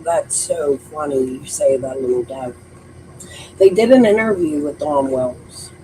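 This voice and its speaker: A woman's voice: deep voice, unhurried, mellow, a little hiss or hum, rough recording. A woman hosting a true crime livestream, talking casually in a blunt, emphatic way and swearing often. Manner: blunt, heavily profane, emphatic. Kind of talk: casual chat.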